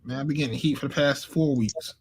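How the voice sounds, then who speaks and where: Laid-back man, faint hiss behind. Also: medium pitch. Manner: laid-back, halting, many fillers. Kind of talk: casual livestream chat.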